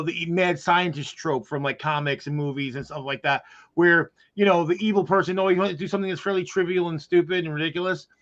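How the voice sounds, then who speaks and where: High-voiced rambling man on a lo-fi mic. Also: a bit bright. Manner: rambling storyteller, many restarts and fillers. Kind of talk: casual group chat. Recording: dull lo-fi sound.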